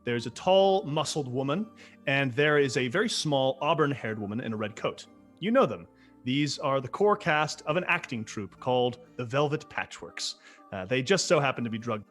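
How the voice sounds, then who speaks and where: A man narrating as game master for a tabletop game, in a casual, halting way with many fillers. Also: mid-range voice, animated, fairly bright tone, faint music behind.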